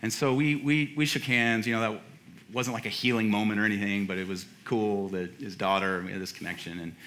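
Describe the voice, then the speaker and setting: Man in his forties, pastor, bright forceful voice, casual sermon story, self-mocking laughs, lots of restarts. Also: on the low side, steady tone, brisk. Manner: casual, chatty, laughs at himself, many restarts.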